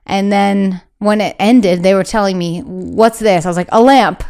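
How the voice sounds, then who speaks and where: A woman in her thirties, a guest telling personal stories in candid conversation, chatty and animated, laughing and acting out quotes. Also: medium pitch, normal speed, clear, resonant tone.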